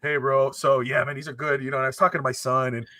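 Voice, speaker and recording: Speaking quickly at a medium pitch, this young Miami-area podcast co-host relates a lengthy tale in relaxed chat. He animatedly plays out every character's part in the dialogue, and the sound is dry with no echo.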